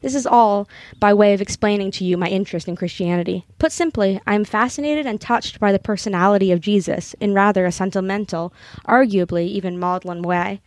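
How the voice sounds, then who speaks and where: A young woman from Los Angeles co-hosting a casual chat, laughing often and reading a book passage slowly and earnestly. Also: mid-range voice, a little mellow, no room sound, studio quality. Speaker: podcast co-host.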